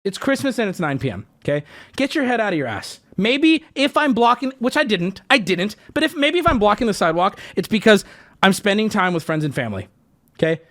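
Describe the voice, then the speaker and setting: A man in his thirties telling an exasperated, profane story to his live stream, swinging between yelling and low muttering. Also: sing-song, fairly quick.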